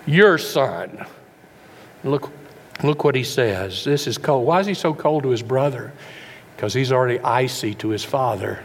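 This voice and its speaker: A man's voice: medium pitch, normal speed, a little hiss or hum. A man preaching a sermon, asking his listeners question after question and often stumbling over repeated words. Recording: long reverb in a hall, faint background.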